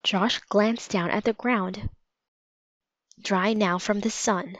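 A woman narrating a children's storybook aloud in a calm, measured way. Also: mid-range voice, no room sound. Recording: slightly dull lo-fi recording.

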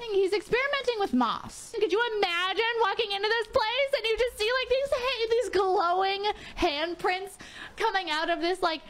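A woman showing off her decorated game island, excitable, laughing and swearing often. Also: very high-pitched. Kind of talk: excited gaming clip.

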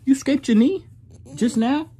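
A man's voice: very high-pitched, measured pace, warm tone. A young man hosting a casual vlog on a phone camera, teasing the people around him and laughing often. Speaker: vlogger host.

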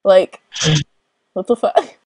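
A woman's voice: slow pace, a crowd in the background, poor audio. A woman vlogger with a sore throat, rambling in a giggly, tipsy late-night chat.

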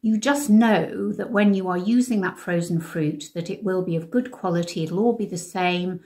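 A woman's voice: on the low side, normal speed. A woman, sharing diet tips in a chatty, emphatic way as a lifestyle vlogger. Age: 60s. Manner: warm, conversational, emphatic.

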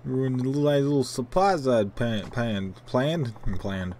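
A cocky young street thug who snarls threats and sneers at everyone, as a man puts him on while playing a game. The voice stays at a middling male pitch, and a faint hiss runs under the recording. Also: a little slow, darkish tone, lightly acted. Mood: mocking.

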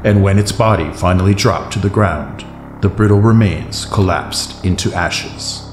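A male audiobook narrator with a very deep voice, reading in a measured, steady way. His voice sits in a roomy echo, and faint music plays underneath.

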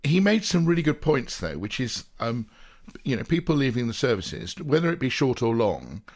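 A man's voice: medium pitch, big pitch swings, normal speed, darkish tone. A man from the South Coast of England co-hosting a podcast in a casual, rambling, jokey way, wandering off into playful digressions. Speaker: podcast co-host.

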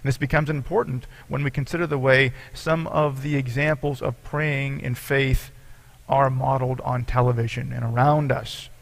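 A man's voice: mid-range voice, steady tone, normal speed, vocal fry. A pastor preaching a sermon, reading scripture aloud and explaining it to his congregation in an earnest way.

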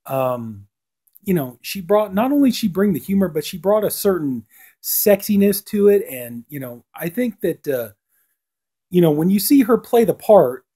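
A man's voice: sits high, sing-song, normal speed, mellow, breathy edge. A man giving a casual spoken review of a TV episode, rambling and leaning on "you know" fillers. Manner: acts out lines with a lifted voice.

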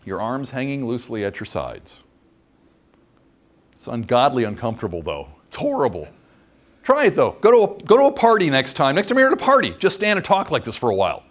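A man's voice: mid-range voice, big pitch swings, a little fast, a bit bright. A man teaching a training course lecture, chatty and demonstrative, often checking in with the class by asking "okay?". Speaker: instructor.

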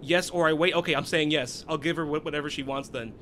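A man giving excitable, swearing let's play commentary, often bursting out loudly. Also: a little high, quick pace, a little hiss or hum. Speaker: gaming video creator.

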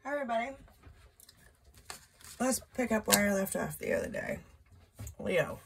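A woman's voice: mid-range voice, expressive, moderate pace, creaky, background noise. A woman giving a casual tarot reading, chatty and loose, with profane asides. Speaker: tarot reader.

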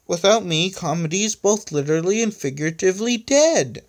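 Dude reading a bodiless voice that keeps making bad jokes, sarcastic. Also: male voice, mid-range voice, fairly even intonation, moderate pace, a little mellow, clear, resonant tone, lightly acted. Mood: joking. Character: joking disembodied male voice. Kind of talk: amateur story reading.

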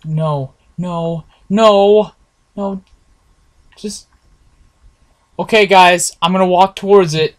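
A man's voice: high-pitched, steady tone, slow pace, long pauses. A man giving nervous, jumpy commentary while playing a horror game, talking to his viewers and swearing often. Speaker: gameplay streamer.

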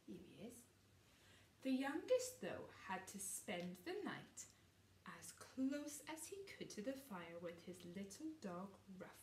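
A woman reads a picture book aloud to children, slow and unhurried with a lively, swooping voice. She asks the young listeners gentle questions as she goes. The sound is roomy, taken from a distance, with faint noise behind. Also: mid-range voice. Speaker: storybook reader.

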